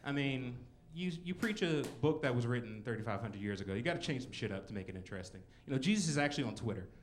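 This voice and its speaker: A man's voice: medium pitch, animated, fast, slight background noise. A man in his twenties doing a rambling, self-mocking stand-up set in a comedy club. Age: 20s. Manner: rambling, self-mocking, with frequent "you know" and "like".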